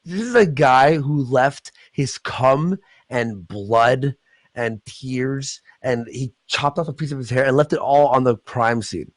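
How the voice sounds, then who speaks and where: A man hosting a livestream, ranting in a rambling, profane, excitable way. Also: medium pitch, takes it slowly, dry recording. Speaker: livestream host. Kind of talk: casual livestream chat.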